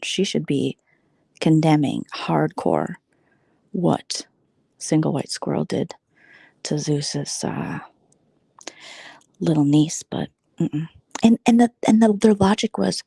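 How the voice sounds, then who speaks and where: A woman's voice: on the low side, animated, unhurried, creaky, warm tone, husky, no echo. A woman vlogger in a casual late-night chat, rambling and gossipy, who keeps dropping into a whisper. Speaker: vlogger host.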